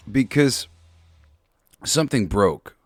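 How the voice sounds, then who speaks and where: A man hosting a podcast in a casual commentary style. He talks in an earnest, halting way, restarting often, and swears bluntly now and then. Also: medium pitch, expressive, husky, no echo. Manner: halting and tongue-tied, with frequent restarts. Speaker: podcast host.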